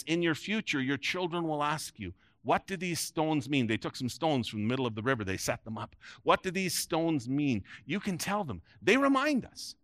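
A man's voice: on the high side, a bit bright, no room sound, clean studio sound. A man preaching a sermon to a congregation, emphatic, with rising peaks and phrase ends that drop away. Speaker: pastor. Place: church sanctuary before a congregation.

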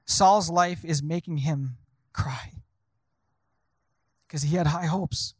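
A man's voice: on the high side, takes it slowly, slightly rough, dry recording. A male pastor preaching a sermon, asking the congregation rhetorical questions.

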